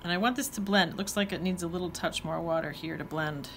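A woman's voice: fairly low pitch, fast, a bit bright, slight background noise. A woman teaching watercolor, talking casually while she paints and thinking aloud with playful exclamations. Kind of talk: painting demonstration talk-along.

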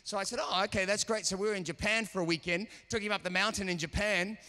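Male pastor, bright and forceful, animated sermon delivery with acted-out voices, long hall reverb. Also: high-pitched, quick pace. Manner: animated, acts out quoted voices. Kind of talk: sermon with storytelling. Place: church auditorium.

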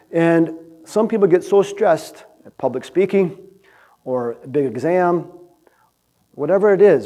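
A man's voice: a little high, dark tone. A man presenting research as a conference lecture, talking conversationally to a room and checking in with the audience often. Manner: conversational, asks "right?" often. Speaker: animal science researcher presenting.

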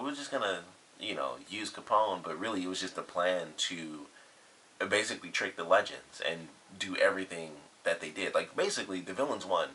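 Young man, deep bright voice, casual episode review, rambling with lots of fillers, faint hiss. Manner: rambling, filler-heavy, lots of 'like' and restarts.

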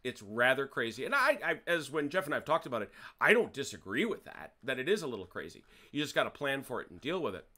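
His medium-pitched voice is sing-song and sharp, moving quickly with hardly a pause. As host of a tabletop wargame, he explains the rules to players in a relaxed, chatty way, frequently fixing his own sentences and cracking wry jokes.

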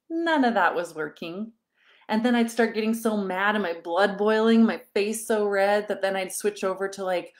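A woman's voice: mid-range voice, moderate pace. Chatty woman parenting coach, laughing often. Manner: warm, chatty storytelling with frequent laughs; acts out quoted dialogue in animated voices. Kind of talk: live online parenting workshop.

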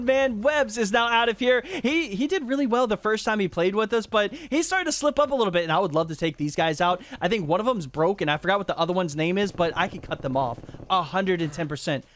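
Fast, high-voiced gaming commentator man. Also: a little hiss or hum. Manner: excitable, rambling, stumbles over names. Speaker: gaming channel host. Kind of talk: live gameplay commentary.

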